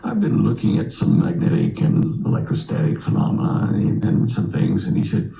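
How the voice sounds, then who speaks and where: A man's voice: low voice, huge pitch swings, normal speed, creaky, dark tone, echoey room, rough recording. An older man telling a long personal story as an interview guest, rambling with many fillers and restarts.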